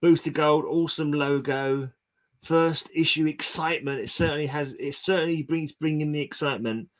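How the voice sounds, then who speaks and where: A man's voice: a little high, steady tone, normal speed. A man, chatting casually and jokily as a comic collector co-host and often restarting mid-sentence. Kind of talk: casual chat.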